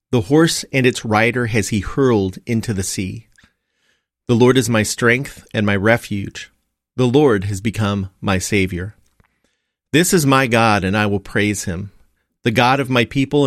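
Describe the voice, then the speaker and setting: Male liturgy reader; steady, measured recitation, lower pitch, dry close recording. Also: no room sound. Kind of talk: reading morning prayer aloud.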